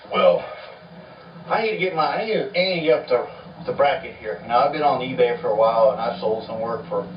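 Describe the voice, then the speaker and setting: A man's voice: mid-range voice, slight background noise. A man telling a long, meandering story in a loose, colloquial way, full of "you know" fillers. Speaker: folk artist. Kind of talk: rambling storytelling monologue. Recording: dull lo-fi audio, roomy and distant from the mic.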